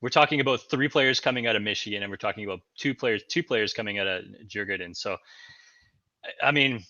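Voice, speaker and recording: A man's voice: fairly low pitch, fast talker, pushed and bright, dry recording, muffled recording. A man co-hosting a podcast, breaking down hockey prospects analytically, often hedging with "I think.". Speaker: podcast co-host. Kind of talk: casual hockey draft analysis.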